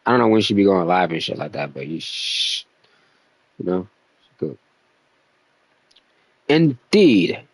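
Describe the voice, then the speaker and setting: A man's voice: deep voice, moderate pace, gravelly, long pauses, no echo. A young man casually commentating gameplay, laid-back and slangy, swearing often. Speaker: gaming streamer.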